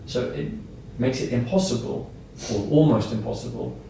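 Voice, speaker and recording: A man's voice: medium pitch, normal speed, warm tone, far from the mic, a little hiss or hum. Man lecturing in an echoey room. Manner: simple, repetitive explanations with examples. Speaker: staff trainer. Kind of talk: training lecture. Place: training room.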